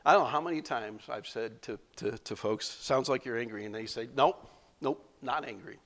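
A man's voice: mid-range voice, a little fast, a bit bright. A male pastor giving a sermon, conversational and emotional, often laughing and saying "you know". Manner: conversational preaching with frequent laughs and fillers.

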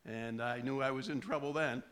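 A man's voice: medium pitch, normal speed, fairly bright tone. A middle-aged male preacher telling a personal story in a sermon, asking the congregation questions along the way. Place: church.

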